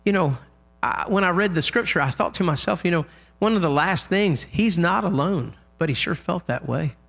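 A man preaching a sermon in a church, impassioned, loudly crying out the lines he quotes. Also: high-pitched, expressive, moderate pace, gravelly.

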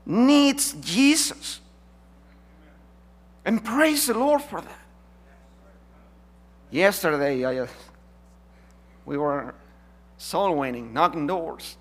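A man preaching a sermon, emphatic, swinging from loud declarations to hushed asides. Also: sits high.

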